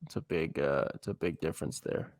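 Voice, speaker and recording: A man's voice: extremely low pitch, steady tone, brisk, no echo, clean studio sound. A man co-hosting a casual sports podcast, breaking in with joking, teasing questions. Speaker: podcast co-host.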